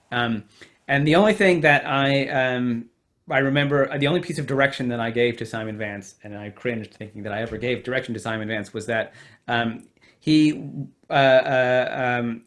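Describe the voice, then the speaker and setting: A man in his forties, an American author talking on a video call, slightly nasal, with many pauses and fillers. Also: medium pitch, fairly bright tone. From United States. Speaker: author guest. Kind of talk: virtual event conversation. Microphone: home computer mic on video call.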